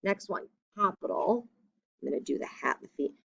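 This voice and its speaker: A woman's voice: mid-range voice, animated, brisk, vocal fry, a bit bright, slightly rough, muffled recording. A woman teacher giving a remote lesson to young children, explaining step by step in a patient, upbeat way.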